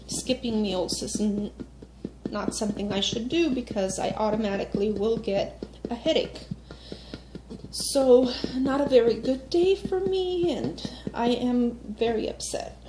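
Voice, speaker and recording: A woman in her thirties vents to her viewers about a bad day, slow and unhurried, her voice a touch higher than most. She sounds upset and keeps turning to her audience. The room is echoey with a faint hum of ambience behind her. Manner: upset, talks to viewers directly with many fillers. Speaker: vlogger. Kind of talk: casual venting to camera.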